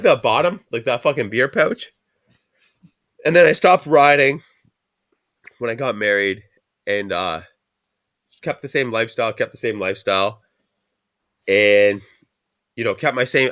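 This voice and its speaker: A man, telling a rambling story full of swearing as a podcast host. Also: mid-range voice. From Canada. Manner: rambling, swears constantly, animated retelling. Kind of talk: casual profane storytelling.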